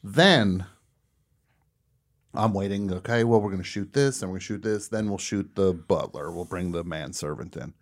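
A man hosting a radio show, telling a comic story in a casual, animated way and laughing at his own punchlines. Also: deep voice, moderate pace.

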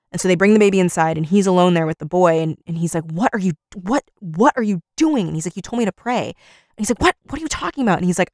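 A woman co-hosting a podcast, recounting a story in an easy conversational way. Her voice sits a little low, and the recording is close and dry, with no room sound. She keeps slipping into quoted lines as she tells it. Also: no room sound. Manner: retells scenes by acting out quotes with "he's like". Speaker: podcast co-host. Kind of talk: casual chat, retelling a story.

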